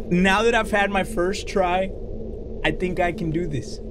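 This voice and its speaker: High pitched guy freaking out playing a horror game, yelps and cusses, hissy noisy audio. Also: unhurried. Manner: panicky, yelping, swears, mixes in Spanish. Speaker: gaming YouTuber. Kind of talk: horror game playthrough commentary.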